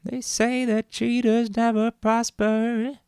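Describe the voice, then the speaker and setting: A man voicing a cruel demonic male villain who taunts with slow, drawn-out menace. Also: very high voice, little pitch movement, a little mellow, clear, resonant tone, dry recording, clean studio sound, pitched above the performer's own voice, heavily acted. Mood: menacing.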